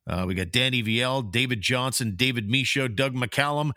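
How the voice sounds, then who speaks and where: An upbeat man hosting a casual sports podcast, his voice bright and forward. The sound is close and dry, with no room around it. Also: medium pitch, moderate pace, no room sound. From Canada. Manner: upbeat, rattles off sponsor and member names. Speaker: podcast co-host.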